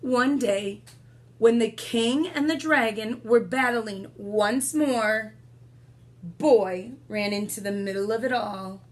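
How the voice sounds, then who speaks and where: A woman's voice: fairly high pitch, takes it slowly. A woman reading a picture book aloud, with sound effects and little asides to her listeners. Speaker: storyteller.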